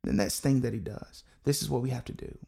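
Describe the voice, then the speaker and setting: Gravelly-voiced male pastor preaching. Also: mid-range voice, quick pace, mellow. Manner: earnest, repeats key phrases for emphasis. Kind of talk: sermon.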